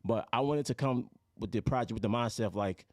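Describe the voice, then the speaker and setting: A man's voice: medium pitch, a little fast, a little mellow, no echo, studio quality. A man from Jamaica, a guest musician in casual podcast chat, laid-back and full of "you know".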